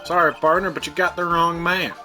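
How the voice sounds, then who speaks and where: A man's voice: on the high side, steady tone, fairly quick, sharp tone, pitched above the performer's own voice. A man voicing a swaggering cowboy-style male police officer in a put-on country drawl over game music. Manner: drawling, folksy.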